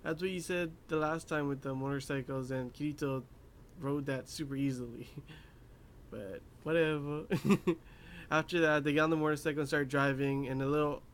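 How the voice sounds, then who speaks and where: A man's voice: a little high, fairly even intonation, normal speed, a little hiss or hum. A young man casually recapping an anime episode, rambling with lots of fillers and laughing at his own asides. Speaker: anime reviewer.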